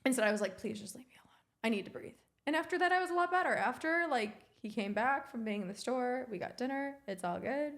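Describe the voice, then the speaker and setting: A young woman co-hosting a podcast talks fast in a higher voice, barely pausing. She tells casual stories with lots of animation, acting out everyone's words.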